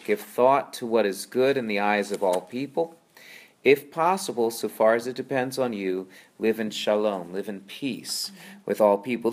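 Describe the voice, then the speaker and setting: Male Bible teacher, casual, chatty delivery with fillers and "right?" checks, mid-range pitch. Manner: conversational, with frequent fillers and tag questions.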